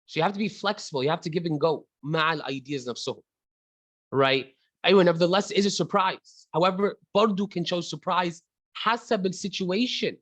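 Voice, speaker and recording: A man's voice: high-pitched, fast talker, a bit bright, dry recording, low-quality recording. A man with an Egyptian accent teaching an online class. He switches between English and Arabic mid-sentence and calls on students by name. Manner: chatty, addresses students by name.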